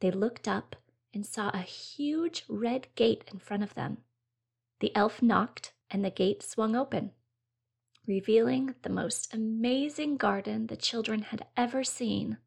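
Gravelly higher-pitched woman reading a story. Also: measured pace. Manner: gentle, clear storytelling. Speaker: narrator.

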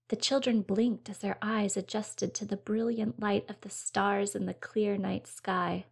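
A woman narrating a children's story in a gentle, clear storybook reading. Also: mid-range voice, steady tone, unhurried, few pauses.

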